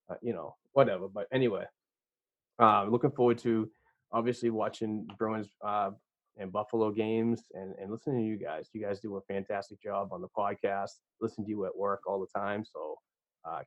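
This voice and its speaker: A man with a Boston accent, a podcast guest chatting casually in a rambling, animated way with many restarts. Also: on the low side, no room sound. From Boston area, USA. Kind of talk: casual chat. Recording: dull lo-fi remote line.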